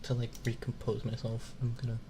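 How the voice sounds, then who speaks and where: A man's voice: medium pitch, completely flat delivery, brisk. A man streaming live, chatting casually with viewers, laughing often and swearing. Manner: giggly, swears, loses composure. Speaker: ASMR streamer. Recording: background noise hiss.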